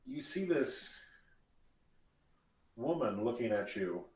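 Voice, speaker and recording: A man's voice: medium pitch, very animated, a little mellow, recorded from a distance. Man narrating a tabletop game from off-mic. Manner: halting, with fillers and laughs. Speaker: game master. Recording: echoey room, voice from off-mic.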